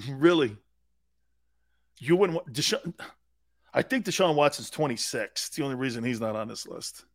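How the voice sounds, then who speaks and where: A man hosting a sports talk radio show, telling stories with emphatic repetition and growing excitement. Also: medium pitch, creaky, no room sound, studio quality.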